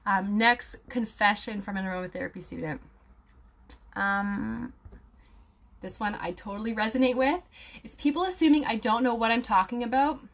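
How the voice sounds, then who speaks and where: A woman's voice: on the high side, normal speed, creaky. A young woman, an aromatherapy student, chatting casually with viewers and reading their comments aloud, with lots of fillers and laughs. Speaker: aromatherapy student and live-stream host.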